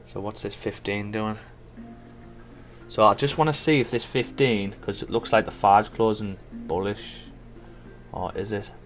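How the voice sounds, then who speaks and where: Chatty low-voiced man. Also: unhurried, soft background music. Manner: chatty, thinks aloud, talks to the live chat. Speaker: forex trader streaming live. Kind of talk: live trading stream commentary.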